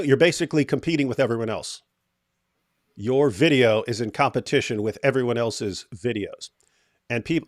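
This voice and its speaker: A man's voice: medium pitch, no room sound, clean studio sound. A man hosting a casual livestream, reading viewer comments aloud and giving feedback on a video. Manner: thinks aloud, reads chat comments. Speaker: host.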